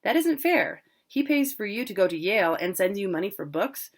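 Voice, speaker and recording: A woman's voice: mid-range voice, sing-song, moderate pace, pitched above the performer's own voice. A woman voicing a stubborn young farm boy who scolds and nags his older brother. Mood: nagging.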